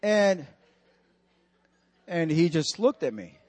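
A man preaching and telling a story in an animated way, acting out what was said and dropping to a hush for the serious parts. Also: a little high, slow, dry recording. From Dominican Republic. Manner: animated, acts out quotes with dramatic drops to a hush. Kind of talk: sermon storytelling.

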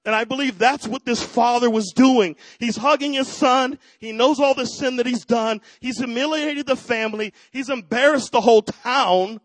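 Middle-aged male pastor, high voice, dry close sound; storytelling sermon that builds to fervent shouts. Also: moderate pace, hardly any pauses, no room sound, poor audio. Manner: personal storytelling that swells into loud preaching.

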